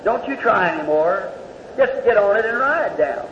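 A man preaching who voices a gentle, kind boss coaxing a tired logger, recorded in an echoey hall. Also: high voice, lively intonation, normal speed, a little hiss or hum. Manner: soft, coaxing. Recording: echoey hall, dull lo-fi tape.

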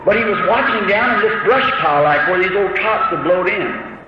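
A man preaching a sermon as a fervent, emotional story, his voice climbing higher as the feeling rises. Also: lively intonation, moderate pace. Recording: old muffled hall recording with heavy hiss.

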